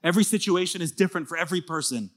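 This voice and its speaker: A man preaching a sermon as pastor, earnest and conversational, swinging from emphatic bursts to soft confiding asides. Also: high-pitched, very fast.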